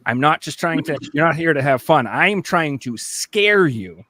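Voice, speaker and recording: Animated man telling a story on a podcast. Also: on the high side, normal speed, no room sound. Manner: animated storyteller acting out his own past reactions. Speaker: podcast co-host. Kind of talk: casual chat.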